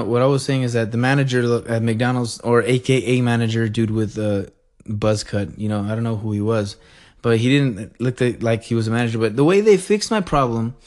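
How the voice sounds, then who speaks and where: A young man telling a story in a casual rant, animated and rambling, swearing and laughing as he goes. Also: lowish voice. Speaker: vlogger.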